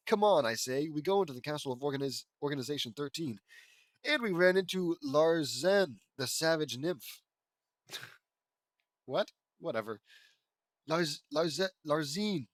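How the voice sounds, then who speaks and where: A man reads fan fiction aloud, stopping now and then to poke fun at the story with wry, sarcastic remarks. His voice sits a little high, and he pushes it higher still for the quoted characters. The sound is dry and close, with no room echo. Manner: mocking, wry commentary between read lines. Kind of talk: reading aloud with sarcastic asides.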